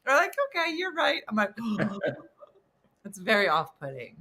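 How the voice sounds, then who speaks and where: A woman's voice: a little high, huge pitch swings, brisk, pushed and bright. A woman hosting an interview, chatting casually and telling playful stories. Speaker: host.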